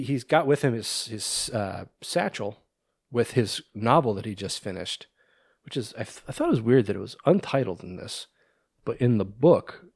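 A man's voice: mid-range voice, slightly rough, no room sound, clean studio sound. A man co-hosting a podcast, casually retelling a movie's plot with lots of ums and restarts. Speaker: podcast co-host.

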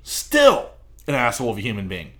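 A man's voice: medium pitch, wildly swooping pitch, brisk. A man co-hosting a podcast, mostly giving short agreeing replies and then talking up his own opinions in casual chat. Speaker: podcast co-host.

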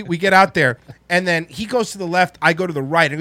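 A man telling a story in casual chat, animated and profane, with lots of restarts. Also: sits high, fast talker, no echo.

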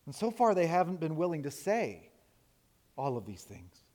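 A man preaching a sermon as pastor, animated and self-deprecating, moving from loud emphasis to quiet asides. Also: fairly high pitch, moderate pace.

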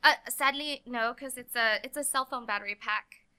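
A woman's voice: a little high, normal speed, bright, forceful tone, clear, resonant tone. A woman playing a tabletop game, giggly and scattered while listing her gear, recorded remotely. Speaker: player. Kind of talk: casual tabletop play.

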